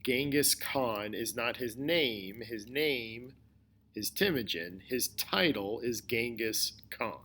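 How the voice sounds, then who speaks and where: Slow, deliberate male history teacher. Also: mid-range voice, expressive, sharp tone. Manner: slow, deliberate explaining with repetition. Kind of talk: recorded history lecture.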